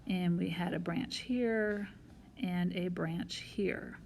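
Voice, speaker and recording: Patient woman teaching algebra, low mellow voice. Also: fairly even intonation, slow, vocal fry, slight background noise. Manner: patient, explains step by step. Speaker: math teacher. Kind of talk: recorded whiteboard math lesson.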